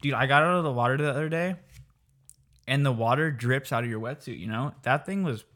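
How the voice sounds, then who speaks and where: A man's voice: medium pitch, fairly quick, fairly bright tone. A young man co-hosting a casual podcast, trading jokes and swearing loosely with his friend. His talk is loose and crude. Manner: joking, swearing, talks through a healing mouth. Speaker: podcast co-host.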